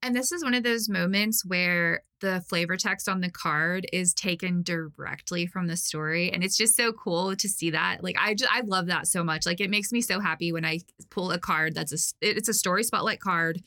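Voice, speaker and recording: A woman's voice: lowish voice, moderate pace, few pauses, sharp tone. A woman co-hosting a podcast, chatting enthusiastically with lots of fillers. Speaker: podcast co-host. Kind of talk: casual chat.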